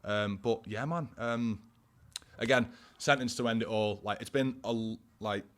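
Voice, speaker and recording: At a measured pace, a man with a fairly low, fairly bright voice chats casually. He's a guest musician in his twenties from Warrington, England, speaking with a Northern English accent, slangy and filler-heavy, and slightly tipsy after a pint.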